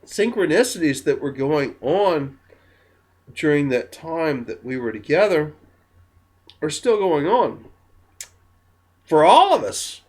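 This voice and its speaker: A man who is drunk, talking in a slow, meandering, giggly way with many ums in a spiritual monologue to camera. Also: fairly high pitch, sing-song. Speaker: spiritual vlogger.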